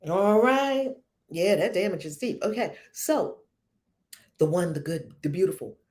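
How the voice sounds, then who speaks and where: A woman's voice: fairly low pitch, animated, a little slow, darkish tone. A woman spiritual teacher speaking emphatically and preaching, full of rhetorical questions.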